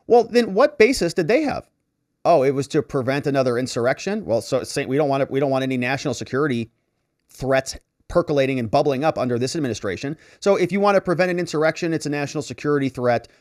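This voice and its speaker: A man's voice: medium pitch, darkish tone, no echo, clean studio sound. A man giving casual legal commentary, sarcastically reading out and mocking letters. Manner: sarcastic, mocking voices when paraphrasing letters. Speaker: lawyer commentator.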